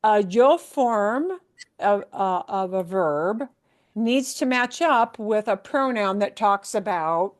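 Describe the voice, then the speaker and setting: A woman's voice: medium pitch, lively intonation. A woman teaching a Spanish lesson, explaining patiently and often checking in with her students, mixing English with Spanish examples. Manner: slow, patient explaining with many checks like "right?". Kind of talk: live language lesson.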